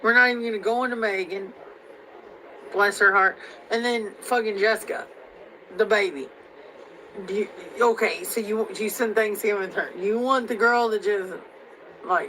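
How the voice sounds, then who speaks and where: A woman's voice: mid-range voice, lively intonation, normal speed, bright, forceful tone, slight background noise, low-quality recording. A young woman from Missouri in a heated, profane, rambling rant, stacking up fillers as she vents. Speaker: vlogger.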